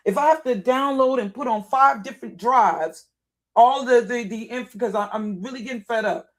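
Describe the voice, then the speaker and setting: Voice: mid-range voice, normal speed. Agitated live streamer thinking aloud. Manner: thinks aloud, repeats and restarts phrases, grows agitated. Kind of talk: casual live-stream commentary while browsing.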